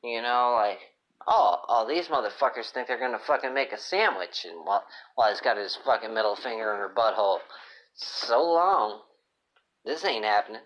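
A man's voice: medium pitch, expressive, a little fast, a bit bright. Moody guy ranting and cussing nonstop on a podcast app, muffled lo-fi phone sound. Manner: profane, moody, rambling rants. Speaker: podcast host. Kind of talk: crude rambling comedic monologue. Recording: dull lo-fi phone app recording.

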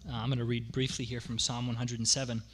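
A man delivers a sermon from the pulpit in an easygoing, explanatory way. His voice is bright and forceful at a middling pitch. He leans on repetition to drive points home. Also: little pitch movement, fast. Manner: conversational, explains with asides and repeats for emphasis. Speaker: pastor.

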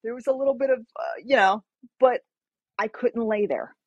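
A woman novelist telling her story as an interview guest in an animated, conversational way. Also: a little high, moderate pace, breathy edge, no echo, highs cut off. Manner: animated, acts out dialogue while telling a story.

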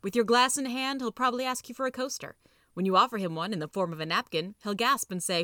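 A woman reading a storybook aloud as host, playful and expressive. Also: mid-range voice, fast, no echo, clean studio sound. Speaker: reader and narrator. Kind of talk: scripted storybook narration.

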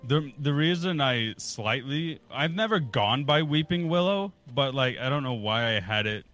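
A man with a bright, forceful voice and a lively, swinging pitch, joking his way through a casual stream chat. His talk is playful and he swears now and then. Faint music plays underneath. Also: moderate pace. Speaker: stream host.

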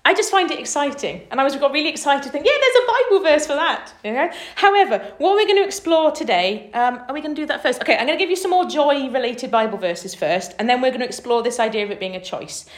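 A woman leading an informal Bible study, talking enthusiastically and climbing in pitch as she gets excited. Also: fast talker, hardly any pauses, reverberant. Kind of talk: informal preaching to a small group.

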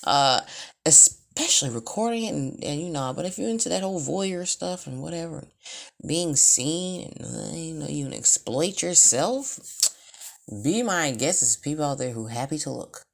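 A woman with a low voice talks in a loose, rambling monologue. Her pitch leaps up and down as she tells it, blunt and unfiltered, and she swears freely. She now and then breaks into shrill imitations. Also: expressive, moderate pace, creaky. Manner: blunt, rambling, frank and profane; mimics sounds with shrill outbursts. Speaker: vlogger. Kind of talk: casual monologue.

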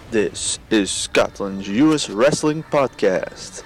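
A man co-hosting a podcast, joking in a drawn-out, teasing way. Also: fairly low pitch, animated, faint music behind. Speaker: podcast co-host.

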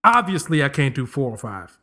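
A man's voice: medium pitch, fairly quick. A man in his thirties hosting a podcast, giving a comedic casual monologue and slipping into voices as he jokes. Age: 30s. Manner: animated, joking, slips into voices. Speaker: podcast host.

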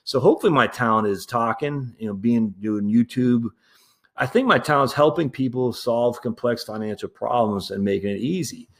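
A man's voice: mid-range voice, moderate pace. A man hosting his own podcast, talking casually and candidly with lots of fillers and restarts, chuckling now and then and calling his listeners his friends. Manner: laughs easily while talking. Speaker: podcast host. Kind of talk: casual solo commentary.

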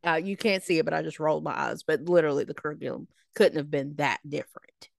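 A woman in her late thirties, a podcast co-host telling high school stories in a snarky, animated way. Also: fast, creaky, no room sound, studio quality. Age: late 30s. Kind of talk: casual storytelling chat.

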